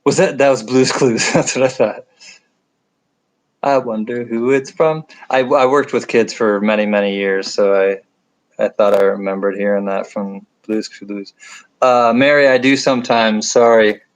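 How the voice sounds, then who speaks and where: A man's voice: mid-range voice, fairly even intonation, normal speed, poor audio. A middle-aged man with a nasal upstate New York accent, hosting a casual livestream chat at home at night, joking and rambling as he reads viewer comments. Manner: rambling, joking, self-deprecating asides. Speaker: livestream host reading chat.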